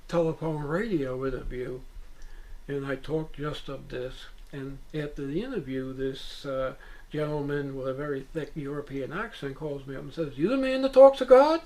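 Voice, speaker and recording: A man's voice: a little high, darkish tone, poor audio. A man in an interview telling a long first-person account in an earnest, meandering way with hesitant restarts. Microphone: VHS interview recording.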